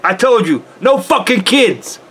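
A man's voice: high voice, very animated, unhurried, a bit bright, slight background noise, pitched above the performer's own voice, heavily acted. A man voicing a furious, swearing gangster boss who snarls threats in a raised voice. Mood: snarling, furious.

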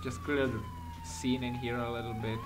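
A man giving excitable let's-play commentary while acting as a patrol cop in a game, speaking non-native English with small slips, swearing and laughing often. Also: mid-range voice, normal speed, heavy background noise. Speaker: gaming commentator.

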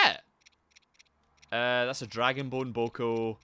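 A Scottish man commentating his gameplay live, greeting viewers and yelling in panic when things go wrong. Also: mid-range voice, normal speed. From Scotland. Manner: excitable, yelps and shouts in panic, greets chat. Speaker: streamer.

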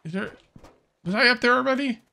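A man's voice: extremely high pitch, brisk, vocal fry, pushed and bright. A man casually commenting on his survival-game session as he plays, rambling and easygoing with lots of fillers. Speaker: gameplay commentator. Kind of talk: casual let's-play commentary.

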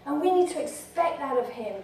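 A woman preaching a fervent sermon to a women's gathering, rising to shouts and dropping low. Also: expressive, a little fast. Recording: echoey hall from far off, faint noise.

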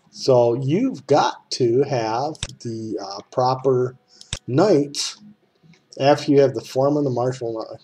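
A man's voice: medium pitch, warm tone, husky. A man with a folksy, rambling way of talking, who speaks straight to the viewer as he walks through a computer game. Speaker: game tutorial maker. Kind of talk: casual screen-recorded game tutorial.

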